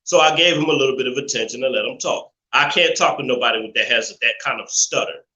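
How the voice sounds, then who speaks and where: A man's voice: mid-range voice, fast talker, pushed and bright, echoey room, low-quality recording. A man hosting a live call-in stream, talking in an opinionated, preachy way and laughing often as he reads chat messages. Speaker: live show host.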